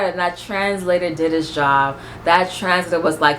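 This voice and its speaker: A woman's voice: on the low side, normal speed, hardly any pauses, fairly bright tone, a little hiss or hum. A woman vlogger giving a blunt, profane, sassy recap of a reality show in casual chat.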